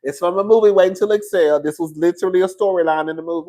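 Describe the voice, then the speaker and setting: A man's voice: high voice, racing, mellow, rough recording. A man giving casual celebrity gossip commentary, sassy and profane, laughing often and calling his listeners "girl". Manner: sassy, profane, chatty, calls the audience "girl"; laughs often between lines.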